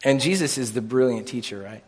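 A man's voice: mid-range voice, brisk, a little mellow. A man preaching an informal sermon in a church room, casual and joking with many restarts.

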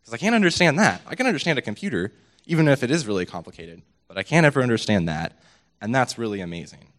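A man's voice: medium pitch, sing-song, fast talker, a bit bright. A man giving a short, earnest devotional talk and introducing the next speaker. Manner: earnest and enthusiastic. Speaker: lay speaker introducing the preacher.

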